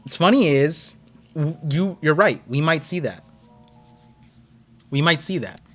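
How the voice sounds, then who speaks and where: An excitable young man from the United States rambles through a casual live stream, talking straight to his chat. He jumps from thought to thought. Faint music plays behind him. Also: a little high, a little slow. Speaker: streamer host.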